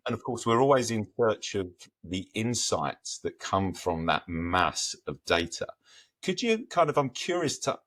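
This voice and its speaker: A man's voice: sits low, a bit bright, dry recording. A man co-hosting an interview, asking questions hesitantly and repeating words as he works out what to say. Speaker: co-host.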